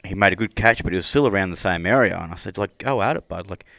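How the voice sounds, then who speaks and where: Deep-voiced podcast host. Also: male voice, fast talker, creaky, a bit bright, dry recording, studio quality. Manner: easygoing, fillers like "like" and "you know". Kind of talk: casual interview chat.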